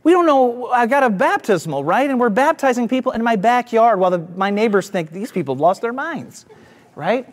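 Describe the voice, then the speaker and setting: A man's voice: very high voice, expressive, normal speed. A pastor with a Southern US accent, preaching and telling a self-deprecating story to his church. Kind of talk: sermon.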